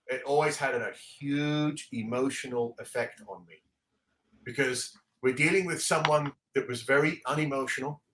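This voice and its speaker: A man hosting a casual comic book podcast, excitedly walking through the pages and laughing often. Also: mid-range voice. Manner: excitable, laughing often, reads dialogue aloud. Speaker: comic book show host. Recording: echoey room.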